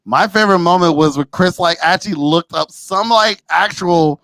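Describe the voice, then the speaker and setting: A man co-hosting a loose, joking podcast, with a fairly high voice for a man. He drifts between low mutters and sudden shouted protests when his co-host teases him. The sound is dry and close, with no room echo. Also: moderate pace. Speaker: teacher. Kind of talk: casual banter.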